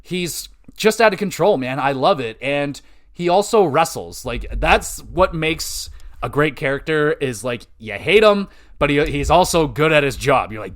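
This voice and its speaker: A young podcast host with a fairly high voice chats casually at a normal speed. He's excited and rambling, swears freely, and leans on filler words as he talks.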